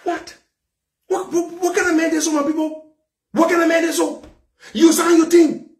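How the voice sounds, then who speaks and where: Angry high-voiced male talk show host. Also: level tone, moderate pace, roomy sound. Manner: fiery, repetitive, shouting at times. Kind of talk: angry political rant.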